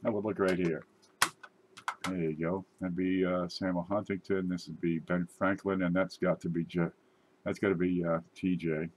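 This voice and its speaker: A man's voice: deep voice, little pitch movement, normal speed, darkish tone, slight background noise. A man hosting his channel, chatting casually and joking while opening mail. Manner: joking, rambling, tall tales. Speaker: YouTube channel host. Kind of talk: casual unboxing chat.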